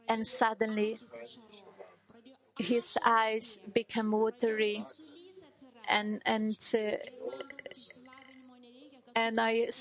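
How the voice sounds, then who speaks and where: Woman, middle-aged, slow halting delivery, flat steady tone, non-native English, personal testimony. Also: a little high, rough recording. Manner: halting, hesitant, many filler sounds and restarts. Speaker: mother giving a testimony.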